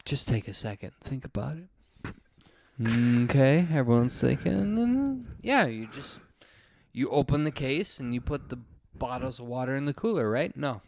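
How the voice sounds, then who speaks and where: A man co-hosting a casual podcast, telling loud, animated stories and acting out his friends' lines. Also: medium pitch, measured pace, gravelly, dry recording. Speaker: podcast co-host. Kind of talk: casual storytelling chat.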